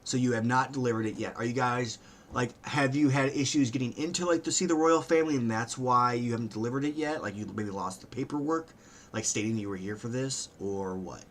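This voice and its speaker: A man's voice: medium pitch, a little fast. A man narrating as game master, rambling with many fillers.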